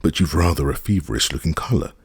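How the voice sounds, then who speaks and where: A man's voice: rumbling low, lively intonation, fast talker, vocal fry, husky, no room sound, clean studio sound, full character voice. Man voicing a frigid, formal husband. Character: stiff, frigid older official husband.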